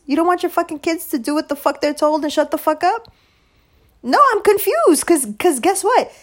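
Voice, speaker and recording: A woman tells a story in a loose, casual monologue. She swears freely, leans hard on her points and breaks into laughter often. Her voice sits a little high. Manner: profane, emphatic, laughs often. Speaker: parent telling a story.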